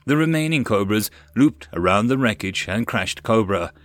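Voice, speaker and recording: A man's voice: lowish voice, normal speed, dry recording. Man narrating a web novel audiobook. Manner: steady, plain reading with occasional stumbles. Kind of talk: reading a web novel aloud.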